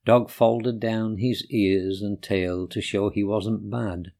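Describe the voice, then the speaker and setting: A man reading rhyming children's poems aloud in a gentle, sing-song way. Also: on the low side, fairly even intonation, slow pace. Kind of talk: rhyming storybook narration.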